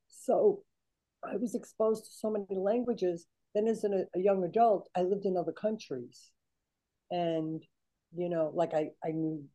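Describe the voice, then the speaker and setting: An older woman with a very dark, mellow voice and a slightly low pitch. She tells her stories in a lively, chatty way and acts out the people she quotes. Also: low-quality recording. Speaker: guest. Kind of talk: casual storytelling chat.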